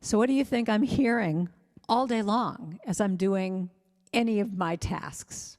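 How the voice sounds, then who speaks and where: A woman delivers a spiritual talk to a congregation, telling stories warmly and breaking into playful voices for the people she quotes. Her voice sits in a middle range. A long reverb trails after her words, as if she is in a large hall. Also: mid-range voice, unhurried. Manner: animated storytelling, acts out quoted voices. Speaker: guest speaker and singer. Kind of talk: spiritual talk over video call. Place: congregation service streamed to viewers on gallery view.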